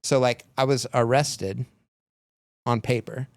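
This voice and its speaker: A man's voice: mid-range voice, steady tone, slow pace, no echo. A man on a podcast, casually telling a long story full of "like" fillers. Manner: rambling, filler-heavy retelling with lots of "like". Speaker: podcast guest.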